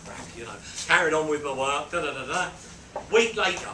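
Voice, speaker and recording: A man mentoring a small group, telling a business story in a lively way and acting out quotes and beeping sounds. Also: on the high side, moderate pace. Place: on a boat. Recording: roomy, distant mic with background noise.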